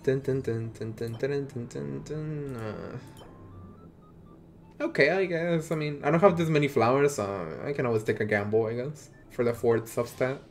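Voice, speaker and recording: A man with a Mexican accent talks through a game live stream in easy, playful banter. His voice sits at an average pitch, and he teases his viewers with casual swearing. Faint music plays under his talk. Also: normal speed, darkish tone.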